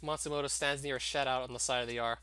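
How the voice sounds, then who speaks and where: Bright-voiced man narrating a visual novel. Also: medium pitch, steady tone, fast talker, slight background noise. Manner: dramatic first-person reading. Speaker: game narrator, YouTuber. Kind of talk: reading a visual novel aloud.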